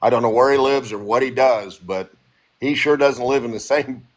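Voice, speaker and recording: A man's voice: mid-range voice, normal speed, lo-fi sound. Blunt opinionated man. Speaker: panel caller. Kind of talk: opinionated panel talk.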